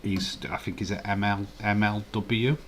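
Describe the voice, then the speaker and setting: Chatty man, low voice. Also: fairly even intonation, moderate pace, a little hiss or hum. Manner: rambling, chuckling, chatty asides. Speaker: live stream host. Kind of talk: casual live stream chat, reading chat.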